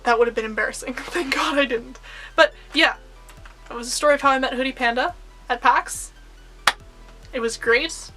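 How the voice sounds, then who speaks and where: A woman vlogger telling a story in a casual, excitable, rambling way full of fillers. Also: high voice, normal speed, pauses often, soft background music.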